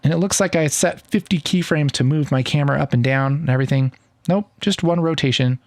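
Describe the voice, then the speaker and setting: A man in his thirties walking through a software tutorial in a casual, upbeat and enthusiastic way. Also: a little high, brisk, no room sound, studio quality. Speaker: video editing tutor. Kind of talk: casual screen-recorded tutorial.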